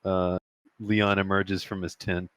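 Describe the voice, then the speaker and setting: Deep-voiced man joking through a game. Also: little pitch movement, takes it slowly, fairly bright tone, smooth, no echo. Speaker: player. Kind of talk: tabletop game play over voice chat.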